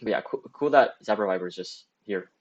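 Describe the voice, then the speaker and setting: A young man in his late teens hosts a student stream, talking loosely and answering chat as he goes. His voice sits on the low side and keeps looping through fillers and self-corrections. The sound is dull and lo-fi, like a cheap streaming mic. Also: fairly quick. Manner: rambling, full of "like" and restarts. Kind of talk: casual livestream talk giving advice.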